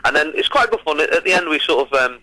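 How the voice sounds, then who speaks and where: Bright-voiced comedian. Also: male voice, on the high side, expressive, no room sound, rough recording. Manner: quick, anecdotal, self-mocking. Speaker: comedian guest. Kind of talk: radio interview chat. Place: radio studio.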